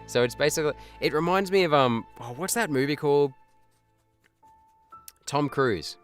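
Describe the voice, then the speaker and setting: A man's voice: on the high side, moderate pace, soft background music. A man streaming live, reacting to clips with frequent swearing and laughter, tired and yawning. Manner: excitable, swears, laughs often. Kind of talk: casual live-stream chat.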